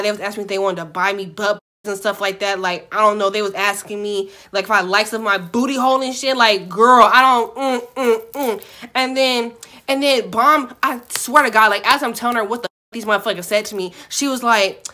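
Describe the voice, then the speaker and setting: A young woman vlogger telling a storytime in an animated, profane, dramatic way. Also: mid-range voice, brisk. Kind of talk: storytime vlog.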